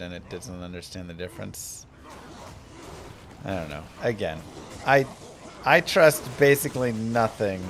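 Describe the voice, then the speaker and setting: Low-voiced guy streaming, wry and chatty, steady hiss in the background. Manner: wry, chatty, talks back to alerts. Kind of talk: casual gaming commentary.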